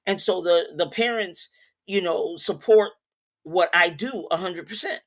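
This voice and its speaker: A middle-aged woman boxing coach talking in a casual interview, telling stories in a stern, animated way with many restarts. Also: on the low side, a little slow.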